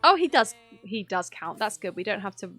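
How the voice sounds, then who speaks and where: A woman's voice: mid-range voice, big pitch swings, fairly quick, sharp tone, faint music behind. A young woman chatting and exclaiming through a live game stream, laughing often. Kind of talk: casual live gameplay commentary.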